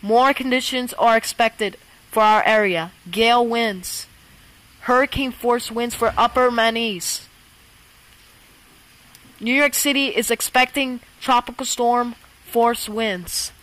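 A woman voicing a stiff automated weather alert announcer, reading out warnings in a slow, flat drone. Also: on the high side, low-quality recording. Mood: solemn warning.

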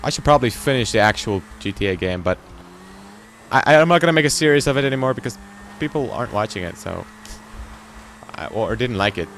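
A man's voice: medium pitch, expressive, fairly quick, a bit bright, slight background noise. A man hosting a gaming channel, rambling and joking to himself as he plays. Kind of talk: let's play commentary.

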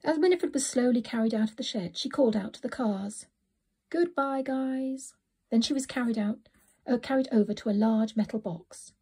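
A woman narrating a children's storybook in a soft, often whispered reading voice. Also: medium pitch, husky.

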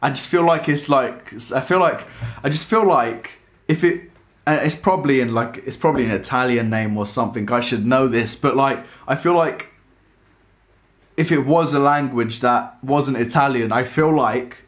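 A young man rambling excitedly while unboxing a coffee machine in a casual vlog. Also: medium pitch, normal speed. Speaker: coffee vlogger.

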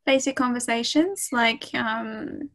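Woman tutor, unhurried and chatty, filler-heavy casual delivery, video call audio. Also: a little high, a bit bright, low-quality recording. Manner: slow, friendly, many ums and okays. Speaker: French tutor. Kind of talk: casual online language lesson.

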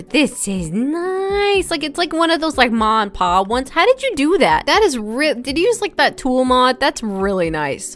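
Excitable high-voiced woman gaming vlogger. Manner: excitable, swears freely. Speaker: gaming YouTuber. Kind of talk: casual game commentary.

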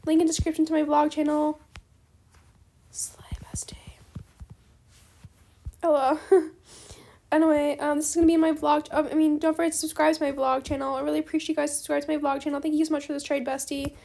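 High-pitched bubbly young woman gamer. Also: little pitch movement, vocal fry, warm tone. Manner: bubbly, fast-talking, says bestie a lot. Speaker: gaming YouTuber. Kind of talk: casual gameplay commentary.

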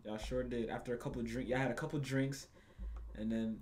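A man hosting his gaming channel, giving casual gameplay commentary full of loud, profane, excitable reactions. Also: medium pitch, brisk, slight background noise.

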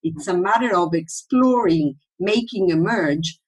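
A woman's voice: on the low side, expressive, a little slow, slightly rough, poor audio. A woman giving a workshop lecture in English, her first language Italian, who often asks the audience questions and then answers them.

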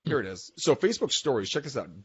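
Husky-voiced man in animated chat. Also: mid-range voice, fast talker, lo-fi sound. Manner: animated, emphatic, swears casually. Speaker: podcast co-host. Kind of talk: casual business chat.

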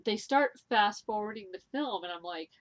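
A woman's voice: mid-range voice, animated, moderate pace. A middle-aged woman hosting a knitting video podcast, chatting to camera in an enthusiastic, gushing way with many ums and laughs. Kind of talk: casual chat to camera.

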